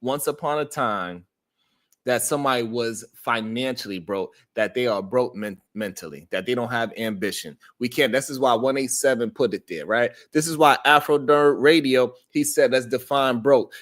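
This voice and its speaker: A man hosting a live-stream talk show, talking in an emphatic, slangy, animated way. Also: mid-range voice, normal speed. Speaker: host.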